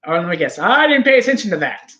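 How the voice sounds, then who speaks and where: A man's voice: high-pitched, big pitch swings, fast, pushed and bright, muffled recording. A man hosting a wrestling review show, rambling and teasing his co-host in casual chat.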